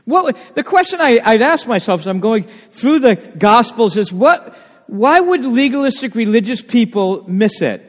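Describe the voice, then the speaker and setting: A male pastor preaching a sermon, animated and full of rhetorical questions. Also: extremely high pitch, normal speed. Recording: long reverb of a church hall.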